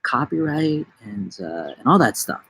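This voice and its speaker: A man's voice: a little high, big pitch swings, unhurried, a bit bright, slightly rough. A man from New York hosting a casual live-stream chat outdoors in a busy city, rambling through goofy, jokey tangents into a phone camera. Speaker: livestream host.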